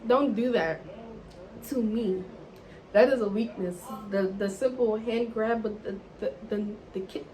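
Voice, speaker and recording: A young woman vlogger telling a dating story in casual, animated chat, swearing freely and saying "like" often. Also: fairly high pitch, unhurried, a little hiss or hum, poor audio. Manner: animated, profane, chatty with lots of "like".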